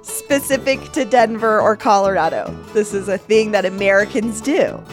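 A woman podcast host, chatting and reading a sponsor spot in a lively, playful way. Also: mid-range voice, moderate pace, music in the background. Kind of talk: casual chat and read ad.

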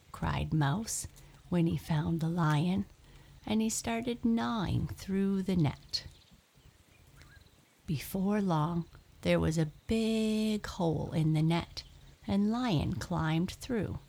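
Slow, gravelly bedtime storyteller woman. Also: on the low side, mellow. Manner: slow, soothing, lilting.

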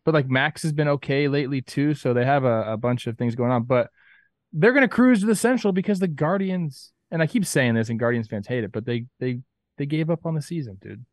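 A man's voice: medium pitch, lively intonation, a little fast, no echo, studio quality. A man co-hosting a casual sports podcast, rambling in a laid-back way. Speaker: podcast co-host.

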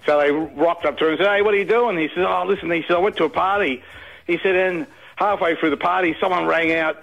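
A male radio caller with an Australian accent telling a joke over the phone, halting with ums. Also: on the high side, vocal fry. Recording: dull lo-fi phone line.

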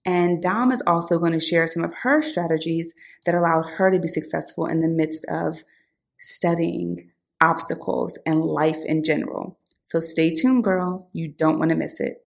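A woman's voice: sits low, fairly even intonation, moderate pace, vocal fry. A woman co-hosting a podcast, talking earnestly and personally about her life and goals. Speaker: podcast co-host. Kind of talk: casual podcast chat.

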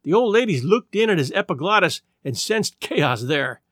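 A man reading a story aloud with an expressive, dramatic delivery. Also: high voice, normal speed, dry recording, clean studio sound. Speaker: narrator.

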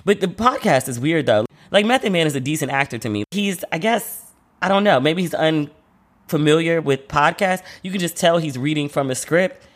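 A man hosting a casual solo podcast, chatty and slangy, who often acts out the voices of people he quotes. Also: a little high. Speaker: podcast host.

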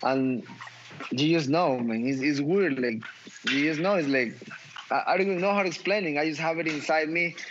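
Profane, emphatic fighter in a noisy post-fight interview. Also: male voice, on the high side, normal speed. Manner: profane, emphatic, stumbles and repeats words. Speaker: mixed martial arts fighter. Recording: dull audio with clear background noise.

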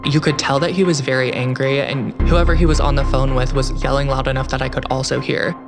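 Young man, first-person storytelling, earnest and measured, middle pitch, music in the background. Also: level tone, creaky.

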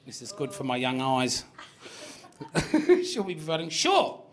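A man hosting a live comedy show, animated and full of swearing. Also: medium pitch, a little slow, echoey room, slight background noise. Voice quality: profane, animated. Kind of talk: live comedy panel banter. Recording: audience laughter throughout. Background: live audience laughter.

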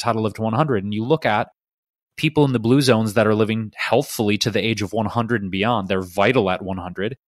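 A man's voice: lowish voice, no echo. Man, podcast co-host, casual chat, earnest, long-winded, dry recording. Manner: earnest, rambling, drawn-out points.

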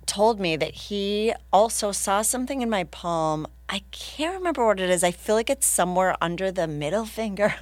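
A woman's voice: mid-range voice, moderate pace, hardly any pauses, dry recording. Woman telling a story between laughs. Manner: animated, laughing, acts out other people's lines. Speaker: podcast guest. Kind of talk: casual storytelling.

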